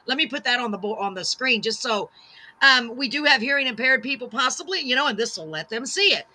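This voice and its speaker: A woman's voice: on the high side, expressive, brisk, bright, forceful tone. A woman hosting a live-streamed talk show, reading out viewer comments in a gushing, bubbly, self-deprecating way.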